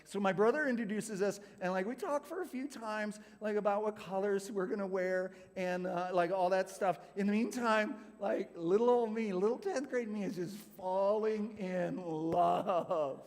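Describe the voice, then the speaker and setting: A man's voice: sits high, normal speed, hardly any pauses, a little mellow. A man from California giving a youth group talk, telling a personal story in a chatty way with lots of "like". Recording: hall reverb.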